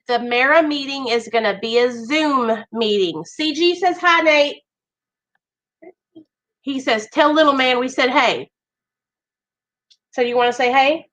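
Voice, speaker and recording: A young woman chatting warmly with viewers on a livestream, greeting them by name. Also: on the high side, rough recording. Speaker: livestream host. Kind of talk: casual livestream chat.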